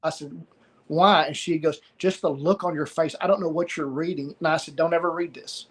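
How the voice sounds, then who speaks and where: A middle-aged man with a somewhat high voice tells a personal story as an interview guest. He speaks haltingly and often repeats words and short phrases as he goes. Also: fairly even intonation, slightly rough.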